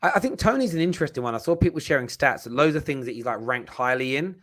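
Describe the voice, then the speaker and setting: A man hosts a casual football livestream, and his tone is bright and forward. He talks in lively bursts and often restarts or repeats words as he works through a thought. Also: mid-range voice, fast talker. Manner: animated, stammering restarts. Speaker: host.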